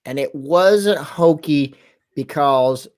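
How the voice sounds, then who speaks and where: Agreeable man, slightly higher voice. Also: takes it slowly. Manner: agreeable, brief interjections. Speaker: podcast co-host. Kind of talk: casual chat.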